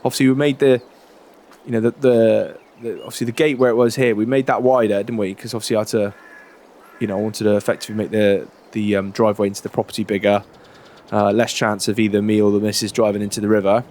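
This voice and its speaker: A man, chatting in a relaxed, rambling way during a farming game roleplay. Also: lowish voice, quick pace. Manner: relaxed, chatty, many fillers and restarts. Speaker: roleplay creator.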